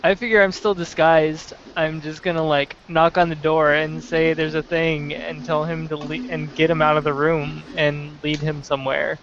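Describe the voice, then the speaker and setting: A man's voice: a little high, level tone, normal speed, few pauses, fairly bright tone, slight background noise. A man playing a tabletop game, talking casually and often laughing. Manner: giggly, laughs between his lines. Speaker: player. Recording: dull lo-fi sound.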